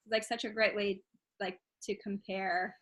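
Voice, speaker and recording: A woman's voice: mid-range voice, normal speed. Bubbly young woman chatting casually. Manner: bubbly, animated storytelling with laughs. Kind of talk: casual chat.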